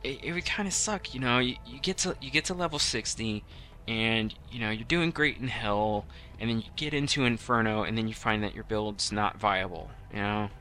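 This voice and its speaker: A man's voice: fairly low pitch, normal speed, pushed and bright. A middle-aged man co-hosting a casual podcast, rambling with lots of restarts and fillers. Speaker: podcast co-host.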